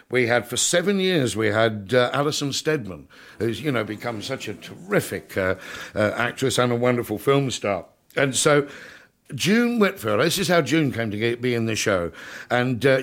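A man's voice: medium pitch, a bit bright. Older male raconteur telling stage stories. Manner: chatty raconteur, acting out voices in quotes, chuckling. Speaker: comedian telling showbiz stories. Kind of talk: anecdotal storytelling to an audience.

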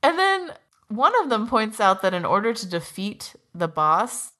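A woman co-host chatting about an anime with a lively, up-and-down voice. She swears freely and laughs a lot, with casual energy that never stops bouncing. Her pitch sits in the middle for a woman. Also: measured pace. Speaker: podcast co-host. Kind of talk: casual chat recapping an anime.

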